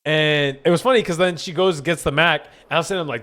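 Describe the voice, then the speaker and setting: Young male streamer with a slightly high voice, casual and profane, rambles through a story and acts out the dialogue. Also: quick pace, hardly any pauses. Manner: rambling, profane, animated retelling with quoted dialogue. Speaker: gaming streamer.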